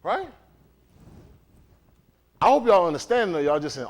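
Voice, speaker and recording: An unhurried man with a high-sitting voice preaches a livestreamed sermon, leaving long pauses. His style is animated and conversational, and he often asks the congregation questions.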